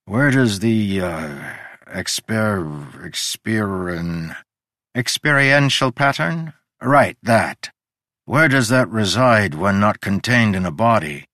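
A man voicing a drunk, gruff, boastful man in an audiobook, loud and blustering with a slurring delivery. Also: lowish voice, animated, takes it slowly, no room sound, studio quality. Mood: weary curious. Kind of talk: audiobook character reading.

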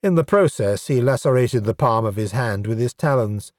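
A man narrating a fantasy audiobook in an even, understated way. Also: mid-range voice, moderate pace, dry recording, clean studio sound. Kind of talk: scripted narration.

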